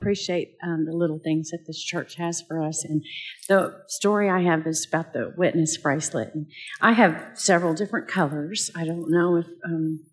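A woman sharing a short personal testimony at church in an unhurried, hesitant way. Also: deep voice. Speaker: church member giving testimony.

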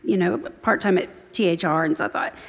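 Woman, 40s, church testimony, chatty storyteller, gravelly fry, echoing church hall. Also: lowish voice, brisk. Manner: chatty, storytelling, warmly grateful. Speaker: church member giving testimony. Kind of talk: personal testimony.

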